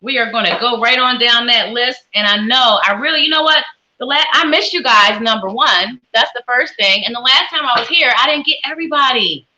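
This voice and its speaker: A woman hosts a live tarot reading stream in a very bright, sharp voice. She talks in an upbeat sing-song, greeting viewers one after another. Her pitch sits a little high for a woman. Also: a little fast, lo-fi sound, slight background noise. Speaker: psychic and tarot reader hosting a live stream. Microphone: webcam with ring light.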